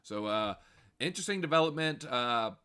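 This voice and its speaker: Animated, bright-voiced male livestream host. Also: medium pitch, moderate pace, clean tone. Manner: animated, jokey, talks straight to viewers. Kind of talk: casual livestream commentary.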